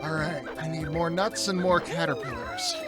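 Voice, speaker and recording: Lively high-voiced man chatting over gameplay. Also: normal speed. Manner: animated, swears freely, rambling. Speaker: let's play host. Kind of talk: casual chat while playing a game. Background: game music.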